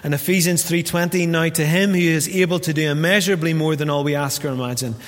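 Northern Irish preacher in a reverberant hall. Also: male voice, on the high side, fast. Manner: lively, jokey preaching with acted-out quotes. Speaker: pastor. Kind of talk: sermon. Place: church hall.

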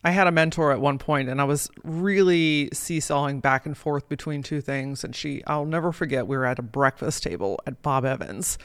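A woman's voice: low voice, normal speed, few pauses, no room sound. A woman life coach delivers a motivational podcast monologue, punchy and casual, dropping swear words as she pushes her listeners. Her voice sits close on the mic in a dry, deadened space. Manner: casual, emphatic and sprinkled with swearing.

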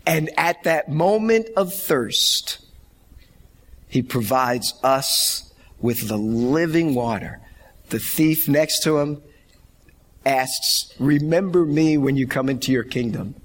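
A man's voice: on the high side, slow pace. A middle-aged man preaching a sermon, telling stories animatedly and laughing along. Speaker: pastor.

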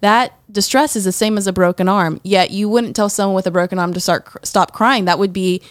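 A woman talking in a relaxed, reflective way, posing questions as she goes and leaning on "you know" as she thinks. Her voice sits in a middle pitch and sounds dry and close, with no room around it. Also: a little fast, dry recording. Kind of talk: casual conversational chat.

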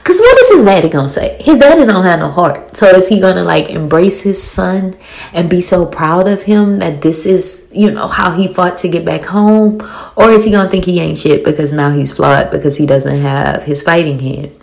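A woman in her forties with a thick Louisiana accent, giving a blunt, animated, swearing recap of a TV episode full of rhetorical questions. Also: lowish voice, normal speed, gravelly. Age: 40s. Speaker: TV show reviewer. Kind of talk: casual episode recap and commentary.

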